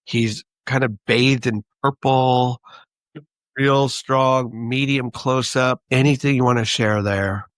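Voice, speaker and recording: Man, podcast host, upbeat and friendly, mid pitch, dry sound. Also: fairly even intonation, slow pace, a bit bright, no echo. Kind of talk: casual podcast interview.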